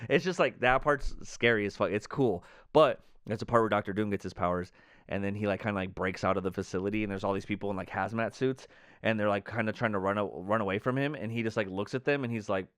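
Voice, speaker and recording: A young male podcast co-host with a fairly low, smooth and clear voice. He rambles excitedly, leaning on fillers. The sound is close and dry. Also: quick pace, no room sound. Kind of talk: casual chat.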